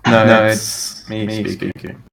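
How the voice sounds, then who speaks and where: Brief: man, blended British-Latin-Portuguese accent, casual voice chat, halting, self-conscious delivery, low voice, slight background hiss. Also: level tone, vocal fry, fairly bright tone, echoey room, far from the mic. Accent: British mixed with Latino and Portuguese. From Britain. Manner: self-conscious, hesitant with restarts.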